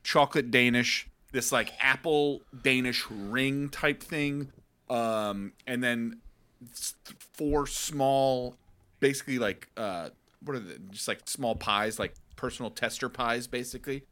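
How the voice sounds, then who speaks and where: A man in his thirties co-hosting a podcast, animated and swearing for laughs in casual chat. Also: mid-range voice, measured pace. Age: 30s. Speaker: podcast co-host.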